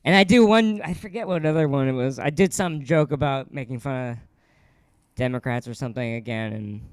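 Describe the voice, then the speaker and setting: Rambling comedian man, smooth dry voice. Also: mid-range voice, no echo. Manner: rambling, filler-heavy, quick laughs. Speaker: stand-up comedian. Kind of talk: casual chat, storytelling.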